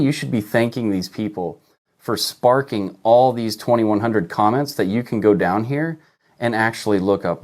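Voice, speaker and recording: An online business coach teaches a live-streamed marketing lesson in a mid-range, darkish voice. He speaks emphatically, poses rhetorical questions, and keeps checking in with "okay?" while pointing at his screen.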